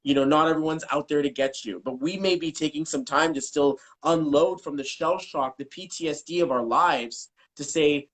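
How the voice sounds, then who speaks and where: A man speaking as a numerology coach in a casual live-stream interview, talking in an animated way, cursing and acting out what people said. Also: a little high, moderate pace, hardly any pauses, low-quality recording. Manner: animated, swears, acts out quotes. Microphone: video call.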